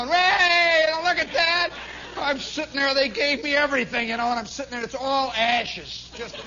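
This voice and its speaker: A man telling a long personal story as a radio monologue, animated, swinging from hushed to shouting. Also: high voice, lo-fi sound, a little hiss or hum.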